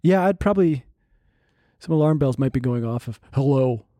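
A man co-hosting a podcast, chatting casually with halting restarts and fillers. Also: fairly high pitch, lively intonation, mellow, no room sound. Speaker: podcast co-host. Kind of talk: casual chat.

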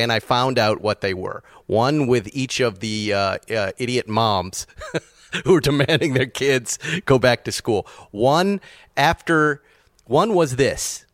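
A man's voice: mid-range voice, fairly bright tone, no echo, clean studio sound. Chatty man hosting a car podcast. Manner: rambling storyteller, chuckles often. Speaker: podcast host. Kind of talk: casual chat.

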